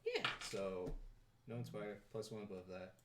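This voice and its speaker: Guy player thinking out loud about his turn, low voice, echoey room. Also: very animated, measured pace, very noisy. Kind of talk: casual tabletop game chat.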